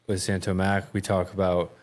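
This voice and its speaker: Laid-back low-voiced male podcast co-host. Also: flat delivery, normal speed. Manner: laid-back, hesitant, lots of fillers. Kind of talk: casual podcast chat.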